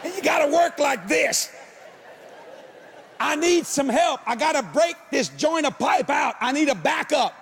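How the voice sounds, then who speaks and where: A preacher tells a comic story with a striking high voice that has a gravelly rasp. He is animated and often bursts into shouts. His delivery is lively. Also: a little slow.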